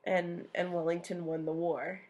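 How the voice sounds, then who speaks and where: A young woman co-hosting a podcast, telling history in a casual, animated way, swearing freely. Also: lowish voice, normal speed. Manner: animated storyteller who swears and acts out quotes. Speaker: podcast co-host.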